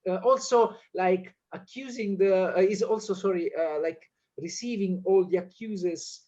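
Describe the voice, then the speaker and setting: An Italian-speaking man, a film director, answering interview questions in English with lively, stumbling energy and frequent restarts. His voice sits high for a man. The sound is dull and lo-fi, like a video call. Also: moderate pace. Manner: animated, hesitant non-native English with many restarts. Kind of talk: casual interview conversation.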